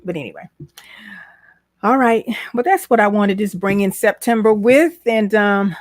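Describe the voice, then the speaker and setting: A woman's voice: mid-range voice, normal speed. A woman hosting a casual motivational livestream, talking in a preachy, folksy way and repeating lines for emphasis. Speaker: business strategist, livestream host.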